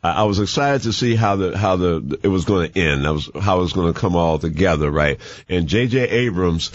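A man talks casually about movies, wandering through his thoughts with restarts and fillers. His pitch swings widely as he gets animated. The recording is dry and slightly dull. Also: a little fast, no room sound. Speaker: movie reviewer on a talk show. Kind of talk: casual chat.

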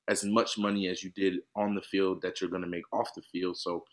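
A man in his thirties, a professional football player, co-hosting a casual chat in an emphatic, animated, slangy way. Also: deep voice, a little fast.

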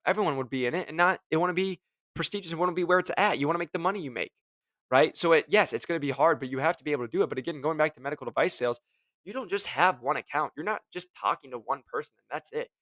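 Upbeat guy giving casual career pep talk, kinda high voice, jokey, acts out people's lines, dry close sound. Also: racing, a bit bright, no room sound. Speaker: host. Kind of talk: casual motivational talk to listeners.

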